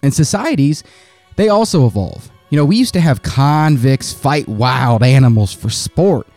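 A man doing stand-up, telling a story in a profane, exasperated, self-mocking way and breaking into loud yells when he acts out the scene. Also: medium pitch, very animated, a little slow, dry recording, soft background music. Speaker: stand-up comedian.

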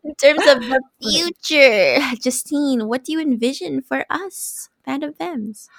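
A woman co-hosting a casual podcast chat, playful and prone to loud acted-out bits. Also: sits high, lively intonation, measured pace, vocal fry, no echo, clean studio sound. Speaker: podcast co-host.

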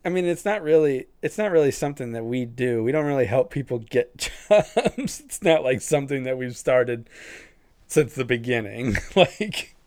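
A man's voice: mid-range voice, animated, moderate pace, a little mellow, clear, resonant tone, dry recording, studio quality. A man co-hosting a podcast, laid-back and laughing often. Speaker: podcast co-host. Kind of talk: casual chat.

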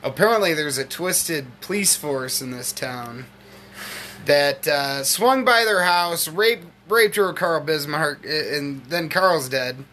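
A man's voice: on the high side, slow, slight background noise. A man hosting a podcast, talking animatedly about a video clip and swearing casually. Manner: animated, swearing, quoting clips. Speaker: podcast host. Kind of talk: casual chat.

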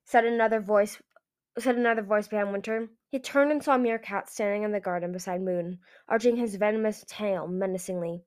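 A woman's voice: medium pitch, moderate pace, a little mellow. A woman reading a fantasy novel aloud in plain narration, now and then correcting herself. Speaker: audiobook reader.

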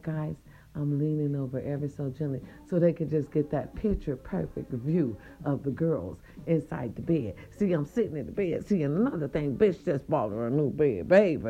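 A woman telling viewers a story in a casual, animated and profane way, speaking straight to them. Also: deep voice.

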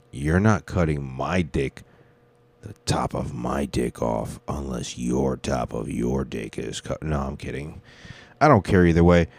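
A man's voice: very deep voice, darkish tone. A man hosting a comedy podcast from home at night, rambling and swearing into a close mic. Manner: rambling, profane, self-deprecating. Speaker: podcast host. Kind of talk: casual comedic monologue. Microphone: mic turned up close.

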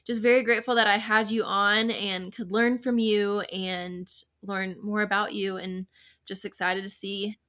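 A woman's voice: mid-range voice, level tone, a bit bright. Upbeat young woman hosting a podcast. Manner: encouraging, quick and upbeat. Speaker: podcast host. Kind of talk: casual interview chat.

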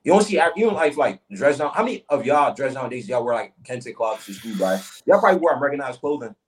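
A man's voice: mid-range voice, animated. A young man in a heated group discussion, making his case emphatically and saying "bro" often. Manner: fast, emphatic, peppered with "bro". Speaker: debate participant.

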